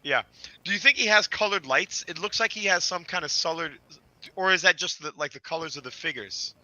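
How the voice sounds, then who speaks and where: Bright excitable man hosting a stream. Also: a little high, fairly quick, no echo, low-quality recording. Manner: excitable, laughing, swears freely. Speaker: livestream host. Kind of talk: casual group chat.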